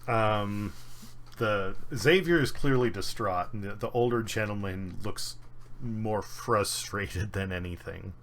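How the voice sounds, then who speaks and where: A man's voice: lowish voice, a bit bright. A man narrating as game master of an online tabletop game, hesitant and full of fillers. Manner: hesitant, many fillers, unhurried.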